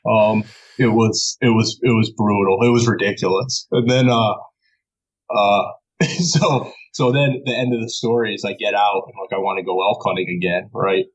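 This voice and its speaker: A man from New York, a podcast guest, telling a story in a casual, animated way, laughing often and swearing freely. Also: mid-range voice, a little slow, slightly rough, rough recording.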